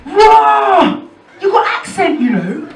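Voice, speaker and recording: A woman playing a loud, excitable young English man who shouts and repeats himself. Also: very high voice, normal speed, reverberant, distant mic, pitched above the performer's own voice, low-quality recording. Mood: rowdy.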